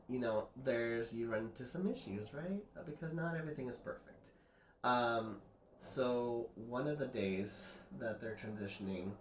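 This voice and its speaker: A man's voice: medium pitch, a bit bright. A man nervously recapping a horror novel in a casual chatty way, rambling with lots of fillers and restarts. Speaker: book reviewer doing makeup. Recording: roomy echo.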